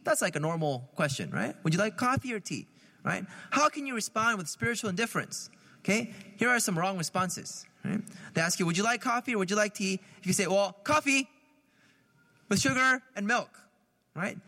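Priest, male, bright high voice, chatty sermon with questions to the congregation. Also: lively intonation, fairly quick, big-room sound. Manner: conversational, asks questions, laughs at own jokes.

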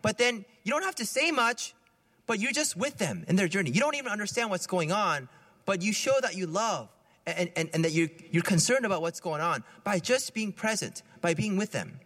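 A man's voice: high voice, lively intonation, fairly quick, fairly bright tone, big-room sound. A man, a priest, giving a conversational homily, often laughing as he talks.

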